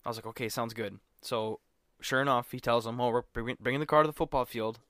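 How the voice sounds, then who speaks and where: A man's voice: mid-range voice, quick pace, fairly bright tone, dry recording, studio quality. A young man co-hosting a podcast, telling a college story in casual chat, acting out quotes and swearing freely. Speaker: podcast co-host.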